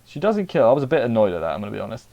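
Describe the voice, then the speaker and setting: A man's voice: medium pitch, very animated, racing, vocal fry, muffled recording. An English man giving a casual, rambling anime episode review, chatty and full of restarts. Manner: rambling, chatty, self-interrupting.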